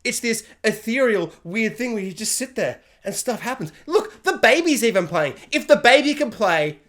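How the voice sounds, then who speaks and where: A woman vlogger giving an excited, gushing spoiler review of a TV finale, acting out the characters in mock voices. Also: a little high, normal speed.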